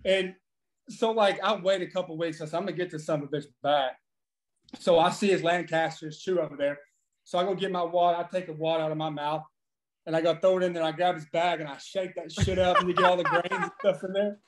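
A man in his thirties, a former pitcher guest on a podcast, telling profane, animated stories with frequent laughing. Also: a little fast. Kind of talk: casual storytelling.

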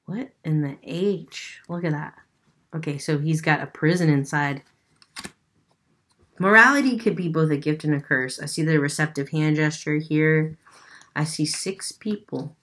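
A woman's voice: low voice, a little slow, fairly bright tone. A woman giving a casual tarot reading with an unusual accent, chatty and loose, swearing now and then. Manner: chatty, swears, laughs at herself. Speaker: tarot reader.

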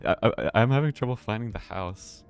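Low-voiced American man streaming a game. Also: animated, a little fast, creaky, soft background music. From United States. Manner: chatty, restarts words, swears casually. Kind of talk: live gameplay commentary.

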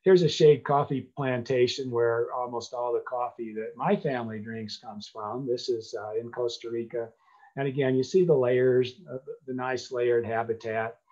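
A man's voice: mid-range voice, steady tone, normal speed, darkish tone, dull audio. An older man from the United States giving an earnest, conversational talk to a conservation club, often restarting his sentences. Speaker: conservation speaker. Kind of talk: lecture to a club.

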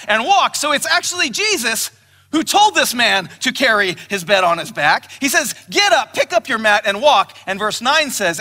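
High, bright-voiced man preaching in a hall. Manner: emphatic preaching, quotes scripture in raised voice. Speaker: pastor. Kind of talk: sermon. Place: church hall. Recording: long hall reverb.

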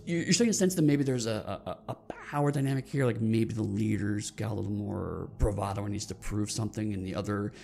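A man's voice: on the low side, a little fast, gravelly, hardly any pauses, dark tone, a little hiss or hum. A man running a tabletop game as game master, narrating scenes and calling for rolls in a rambling way with frequent restarts.

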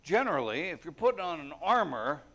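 A man's voice: on the high side, big pitch swings, brisk, fairly bright tone. A man preaching a sermon at a prayer meeting, talking earnestly and conversationally, with bursts of emphasis and scripture read aloud. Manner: reads scripture aloud in King James wording.

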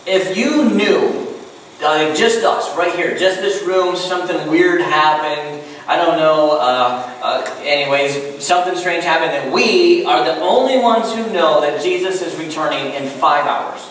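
Male pastor, high voice, casual questioning sermon, booming church echo, a little off-mic. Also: a little slow, fairly bright tone. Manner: conversational, asks the room many questions. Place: church sanctuary. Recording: very echoey hall, voice a bit distant, faint noise.

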